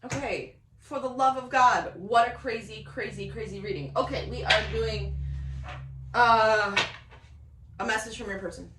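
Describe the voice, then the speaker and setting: A woman giving a casual, excitable tarot reading to camera from her home office, often laughing. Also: on the high side, measured pace, far from the mic, heavy background noise. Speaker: tarot reader. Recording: roomy echo, voice a bit off-mic.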